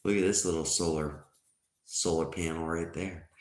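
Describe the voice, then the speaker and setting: Deep-voiced man in his forties, chatty. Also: fairly even intonation, moderate pace. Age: 40s. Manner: joking, chatty, reading chat aloud. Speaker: livestream host. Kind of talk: casual livestream chat. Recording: roomy echo.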